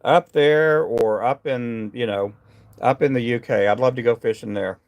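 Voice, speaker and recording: Man, gravelly creaky voice, casual live-stream host, rambling, chatty, lots of ums and restarts, indoors. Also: medium pitch, normal speed, lo-fi sound. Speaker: livestream host tying fishing jigs.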